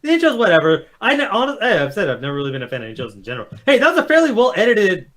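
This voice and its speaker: A man's voice: sits high, huge pitch swings, very fast, a bit bright. A man co-hosting a casual chat show, wry, reading viewers' comments aloud. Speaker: co-host.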